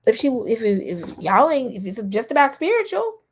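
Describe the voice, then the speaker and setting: A woman's voice: fairly high pitch, sing-song, moderate pace, hardly any pauses, darkish tone, husky. A woman vlogger giving casual commentary to her viewers, talking emphatically and repeating herself with many restarts. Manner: emphatic and repetitive, with frequent restarts; addresses the viewers directly.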